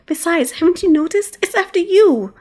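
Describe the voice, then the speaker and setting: An excitable young maid in a fantasy audiobook, voiced by a woman narrator and pitched high with eager exclamations. Bubbly and quick to squeal. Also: lightly acted. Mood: excited.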